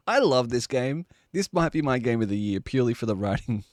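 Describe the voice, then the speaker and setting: A man's voice: mid-range voice, lively intonation, fairly quick, no room sound, clean studio sound. A man streaming a video game, chatting casually and joking along with it. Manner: amused, laughs and jokes along. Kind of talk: casual gameplay commentary.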